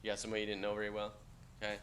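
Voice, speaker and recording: A man lecturing a class of cadets, blunt and joking, with loud outbursts. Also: on the low side, monotone, very fast, a little hiss or hum. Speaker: instructor.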